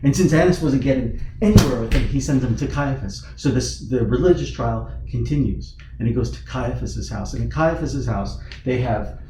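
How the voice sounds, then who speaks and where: A man's voice: normal speed, hardly any pauses. Man preaching in a roomy hall. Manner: storytelling, voices quoted figures with rising pitch. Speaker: youth pastor. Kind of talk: sermon. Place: church or youth room. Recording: roomy hall from a distance, faint noise.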